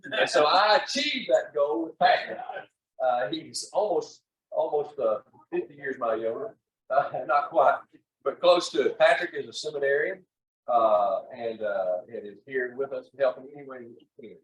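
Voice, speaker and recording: A man's voice: medium pitch, normal speed. A man in his seventies leading a training session as chaplain leader, talking in a rambling, folksy way full of uh's to an audience in a meeting room. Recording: echoey room, from far off.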